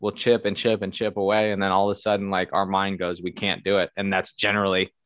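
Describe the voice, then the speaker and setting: A man's voice: low voice, level tone, quick pace, a bit bright, smooth, dry recording, clean studio sound. A man in his thirties co-hosting a podcast in a laid-back, chatty way with many fillers. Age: 30s. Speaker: podcast co-host. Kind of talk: casual chat.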